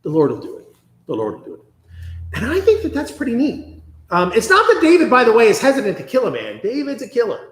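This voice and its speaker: A man leading a conversational Bible study, chatty and animated, often acting out quotes. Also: very high-pitched, quick pace. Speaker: Bible class teacher. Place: church classroom. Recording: echoey room.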